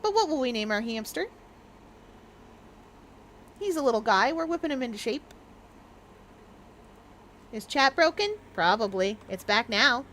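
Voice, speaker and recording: A woman's voice: on the high side, animated, unhurried, pauses often, a bit bright, slight background noise. A woman streamer chatting playfully with her viewers while playing a game. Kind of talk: casual game stream chat.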